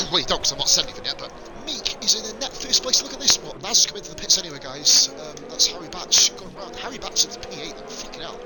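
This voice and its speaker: A young man giving live commentary on an online racing league, excitable and sweary, laughing at crashes. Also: sits high, fairly quick, a crowd in the background, poor audio. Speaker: esports race commentator.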